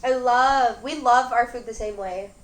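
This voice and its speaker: A woman's voice: on the high side, a little slow. A woman in her twenties hosting a mukbang, talking in a rambling, chatty way with lots of "like" while she eats. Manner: rambling, chatty, heavy use of "like". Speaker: mukbang host. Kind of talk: casual chat while eating. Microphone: phone. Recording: roomy phone recording.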